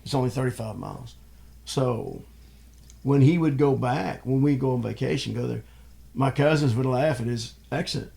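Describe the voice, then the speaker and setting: An older man talks in an easy, rambling way and keeps restarting his sentences. His voice is gravelly, with a lot of fry in it. He is a guest on a relaxed podcast. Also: mid-range voice, normal speed. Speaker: guest, father of the host. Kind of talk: casual chat.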